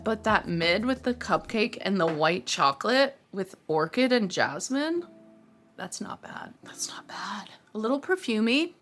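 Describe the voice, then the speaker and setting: A woman's voice: mid-range voice, fairly bright tone. A woman in her thirties chatting expressively as she reviews perfumes in a casual vlog, reacting aloud as she smells each one. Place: home room with a fan running.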